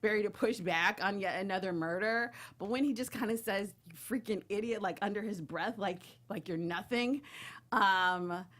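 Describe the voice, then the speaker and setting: A woman's voice: mid-range voice, normal speed, fairly bright tone. A woman co-hosting a casual TV recap chat, enthusiastic and gushing, quoting the show with laughs. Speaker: co-host.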